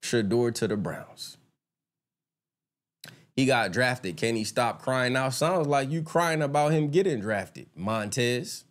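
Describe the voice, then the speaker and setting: A male streamer riffing live to his chat in an everyday mid-pitched voice. He talks loosely and curses without a second thought. When something bothers him he turns heated and indignant. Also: lively intonation, slow. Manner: chatty, addresses viewers, swears freely. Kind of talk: casual live-stream commentary.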